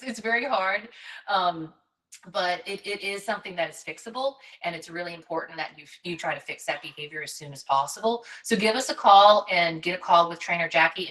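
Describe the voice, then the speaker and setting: A woman talks easily as a host, her voice sitting a touch low. Her chat is casual and friendly, with plenty of small fillers. She now and then slips into high baby talk. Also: fairly bright tone, far from the mic, rough recording. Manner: chatty, drops into high baby talk with puppies.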